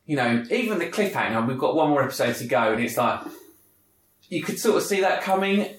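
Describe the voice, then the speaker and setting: A man's voice: fairly high pitch, animated, fairly quick. Rambling man, echoey room. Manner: rambling, restarts, emphatic. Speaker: podcast co-host. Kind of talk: casual chat.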